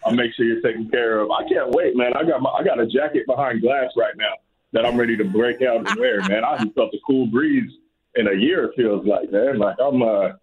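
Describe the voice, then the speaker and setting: A man's voice: mid-range voice, a little fast. A man calling in as a guest reporter, chatting casually and calling everyone "man". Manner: easygoing, says "man" a lot. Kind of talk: casual phone-in chat. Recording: tinny phone line with faint noise.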